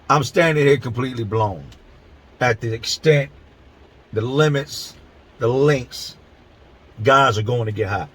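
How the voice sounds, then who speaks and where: Husky-voiced man telling a prison story. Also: medium pitch, fairly bright tone, rough recording. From Philadelphia. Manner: blunt, profane street talk, drawn-out emphasis. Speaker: channel host telling prison stories. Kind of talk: casual storytelling to camera.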